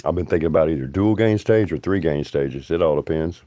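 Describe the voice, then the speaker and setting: A man's voice: extremely low pitch, fairly quick, dark tone, dry recording, studio quality. A man, rambling bluntly and profanely on a livestream.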